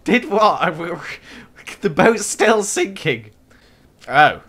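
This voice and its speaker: A young man giving excitable gameplay commentary as a gaming YouTuber, with dramatic exclamations and gasps. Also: high voice, extremely slow, slightly rough. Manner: animated, exclaims and gasps often, dramatic reactions.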